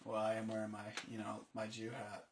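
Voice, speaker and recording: A man's voice: lowish voice, monotone, a little fast. A young man on a podcast as the guest, joking and cutting in with banter during a casual chat. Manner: joking, cuts in with banter and laughs.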